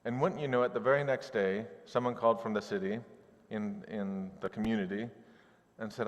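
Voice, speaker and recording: A man's voice: fairly low pitch, brisk, big-room sound, highs cut off. A male pastor preaching a sermon in a conversational way, with humorous asides.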